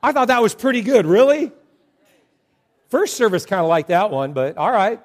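A man preaching a sermon to a congregation, telling jokes and animated stories. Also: sits high, moderate pace. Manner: joking, animated storytelling to a congregation. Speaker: pastor.

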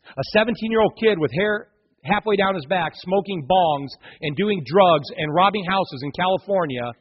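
A male pastor preaching a sermon, telling stories with animated swings between hushed and loud delivery. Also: high voice, moderate pace, husky, muffled recording.

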